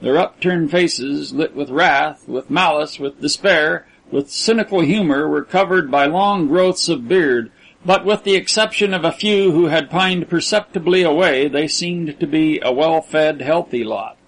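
Gravelly male audiobook narrator. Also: fairly high pitch, unhurried, a bit bright, rough recording.

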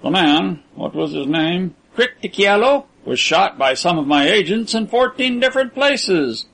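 A man's voice: high-pitched, very animated, creaky, a bit bright, exaggerated voice, poor audio. A man doing a cold, scornful rich captor. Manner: cool, measured, scornful.

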